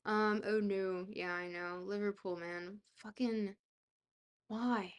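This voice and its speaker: A young woman streaming a geography guessing game, reacting excitably, swearing freely and talking to her chat. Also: mid-range voice, slow, clean tone. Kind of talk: casual live-stream chat while playing a geography game.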